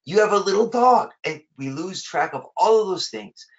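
A man's voice: high voice, lively intonation, moderate pace, muffled recording. A man preaching a sermon in a conversational way, often repeating words as he rephrases his thoughts.

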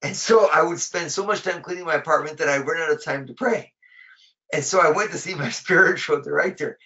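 A man preaching a sermon with a fairly high, bright, forceful voice. He talks in a loose, conversational way and often repeats himself mid-thought. The recording sounds a little muffled and lo-fi. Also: fairly quick. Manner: conversational, repeats words while rephrasing.

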